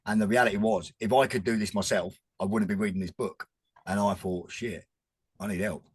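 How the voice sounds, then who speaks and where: A man's voice: fairly low pitch, brisk, husky, no room sound. A man, talking earnestly and rambling in a casual chat as a podcast guest. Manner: rambling, restarts often, earnest.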